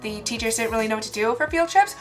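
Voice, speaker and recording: A woman's voice: fairly high pitch, lively intonation, quick pace, fairly bright tone, soft background music. A young woman telling funny stories about herself in a casual vlog, chatty and laughing often. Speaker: vlogger. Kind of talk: casual storytelling to camera.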